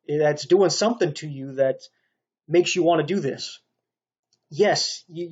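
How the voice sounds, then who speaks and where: Husky man preaching, insistent "right?". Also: on the high side, darkish tone, highs cut off. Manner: rambling, stern and insistent, with rhetorical "right?" asides. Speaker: online preacher. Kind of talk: spoken sermon monologue.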